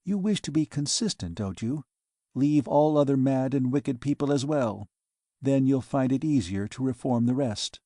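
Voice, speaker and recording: A man's voice: medium pitch, animated, moderate pace, mellow, dry recording, clean studio sound, lightly acted. A man reading an audiobook, voicing a bold, scheming alien woman in a lightly raised voice. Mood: challenging.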